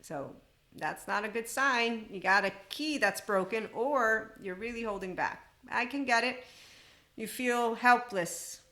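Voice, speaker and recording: A woman's voice: on the high side, measured pace, pushed and bright. A woman hosting a spiritual self-help podcast, talking bluntly in a rambling, self-amused way. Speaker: podcast host.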